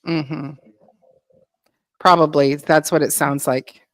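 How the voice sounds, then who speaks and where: A woman's voice: low-pitched, steady tone, slow pace, no room sound. A woman from Canada hosting a casual gardening live stream, chatting, greeting viewers and reading out their comments. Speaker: gardening show host.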